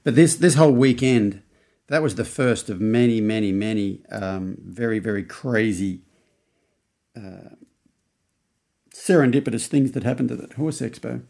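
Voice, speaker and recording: A man's voice: medium pitch, normal speed, creaky, long pauses, darkish tone. An Australian man in his fifties, hosting a podcast and telling a rambling story in a casual way. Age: 50s. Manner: rambling, with many restarts and acted-out quotes. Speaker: podcast host.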